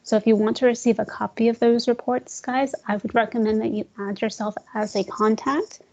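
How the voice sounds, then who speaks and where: A woman leading a screen-share software tutorial for real estate agents, talking casually, calling her listeners "guys" and joking about slow screens. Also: fairly high pitch, fairly even intonation, dull audio. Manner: chatty, addresses audience as guys, jokes about glitches.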